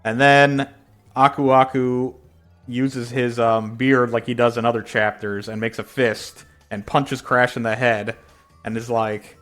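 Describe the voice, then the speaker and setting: A man casually retelling a fan comic, rambling and correcting himself as he goes. His voice sits at an everyday middle pitch, and faint music plays under it. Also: level tone, unhurried, a bit bright. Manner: rambling, with fillers and self-corrections. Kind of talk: casual storytelling.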